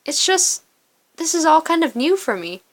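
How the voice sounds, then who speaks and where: A woman's voice: sits high, big pitch swings, normal speed, voice pushed up. A woman reading the lines of a nervous young man who is unsure how to plan a date, in a hesitant way.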